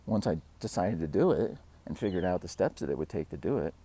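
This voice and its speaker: A man's voice: low-pitched, lively intonation, fast, mellow, husky. A man hosting his own channel, talking casually and rambling, laughing at himself and acting out quotes. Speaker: fitness channel host. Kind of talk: casual talking-to-camera vlog.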